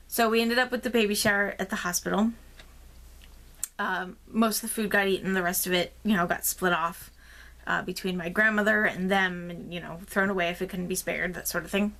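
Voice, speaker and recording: A woman's voice: mid-range voice, a little fast. A woman vlogger in casual chat, telling a story in a chatty, rambling way with many fillers. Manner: rambling and expressive. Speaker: craft vlogger.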